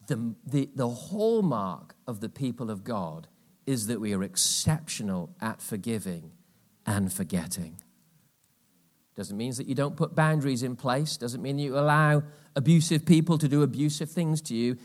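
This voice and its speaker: Male preacher, mid-pitched, passionate, drops to near-whispers between bursts; live church sermon. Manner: emphatic, swings from loud exhortation to hushed asides. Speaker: pastor.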